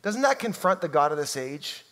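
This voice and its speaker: Emphatic preacher guy, pretty high voice, big echoey church hall. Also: sing-song, normal speed. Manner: emphatic, shifts from loud to hushed. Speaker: pastor. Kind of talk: sermon. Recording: long reverb hall.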